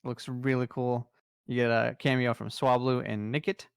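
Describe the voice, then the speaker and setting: A man's voice: mid-range voice, level tone, moderate pace, vocal fry, clear, resonant tone, no echo, studio quality. A young man co-hosting a casual podcast, enthusiastically running through a list of trading cards. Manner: enthusiastic, rattles off card lists. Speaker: podcast co-host presenting trading card news.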